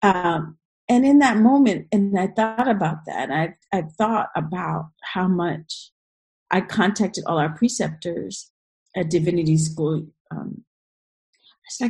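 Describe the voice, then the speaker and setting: A woman with a husky, slightly breathy voice tells a personal story in earnest. Her telling is emotional and vivid, full of restarts and re-enacted moments. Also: mid-range voice, measured pace, darkish tone, low-quality recording.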